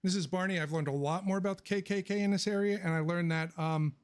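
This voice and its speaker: A man's voice: high voice, steady tone, fast talker, smooth. A man hosting a casual livestream Q&A, rambling and joking, blunt with his opinions and laughing often. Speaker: livestream host answering viewer questions.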